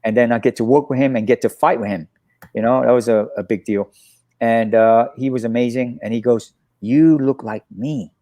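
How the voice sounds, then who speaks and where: A man's voice: mid-range voice, brisk. A man, a stunt coordinator guest, telling stories in a casual interview and acting out what people said. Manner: animated, acts out quotes.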